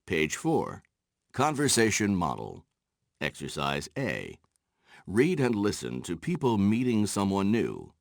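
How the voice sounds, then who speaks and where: A man narrates a language course in a slow, careful, announcing way. His voice sits lowish with a gravelly edge. He swings widely in pitch, and the recording is dry and close. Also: wildly swooping pitch, no echo. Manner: measured, announcing page and exercise numbers. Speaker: narrator of textbook audio. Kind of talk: scripted instructional narration.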